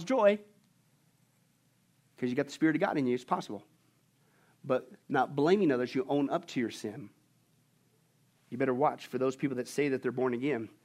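A male pastor preaching a sermon, animated and full of jokes, who asks the congregation questions and answers them himself. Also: mid-range voice.

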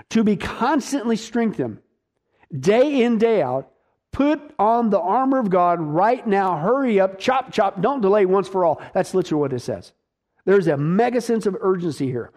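A man's voice: high-pitched, darkish tone. A man preaching a sermon as a pastor, emphatic, firing rhetorical questions at his listeners and answering them in punchy, repeated short phrases.

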